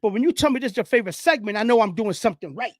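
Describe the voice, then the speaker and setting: A man hosting his own football talk show, speaking casually and excitedly, preaching to viewers and whooping as he hypes his segments. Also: high-pitched, very fast, dry recording, clean studio sound. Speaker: sports show host. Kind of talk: casual sports talk monologue.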